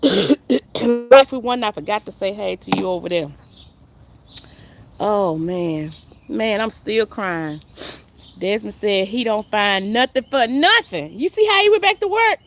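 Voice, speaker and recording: A woman's voice: medium pitch, expressive, measured pace, long pauses, a little hiss or hum. A woman, chatting and laughing with viewers on a casual live stream. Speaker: livestream host.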